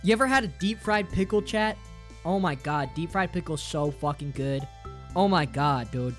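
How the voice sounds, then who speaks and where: A man's voice: on the high side, lively intonation, moderate pace, a bit bright. A man streaming a game, reading chat aloud and answering with crude, playful jokes. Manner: crude, profane, joking, reads chat aloud; mock-dramatic, playful teasing. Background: faint game music.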